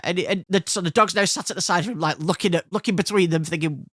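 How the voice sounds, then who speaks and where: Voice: mid-range voice, quick pace, few pauses, no room sound, studio quality. A host in their thirties or forties, telling a rambling anecdote in a casual monologue, with frequent restarts. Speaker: podcast host.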